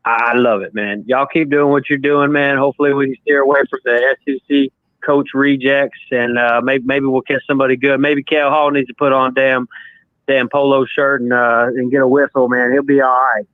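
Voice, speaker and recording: A man's voice: medium pitch, little pitch movement, brisk, no echo. A man with a Southern US accent from South Carolina, calling in to a live show and talking with enthusiasm in a drawl. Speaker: caller. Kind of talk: phoned-in call to a live show. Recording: dry tinny phone line.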